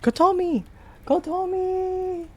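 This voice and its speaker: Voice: measured pace, a little hiss or hum, natural voice. A streamer reading game text aloud in character as a panicked young woman trapped in a burning building, stammering and crying out. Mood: frantic. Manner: frantic, stammering, breaking into high shouts and whispers.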